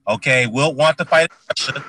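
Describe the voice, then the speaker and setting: A man hosting a boxing talk show, making his case in a measured, casual way. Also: mid-range voice, bright, forceful tone, a little hiss or hum, low-quality recording. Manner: measured, keeps repeating "take a look". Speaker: host.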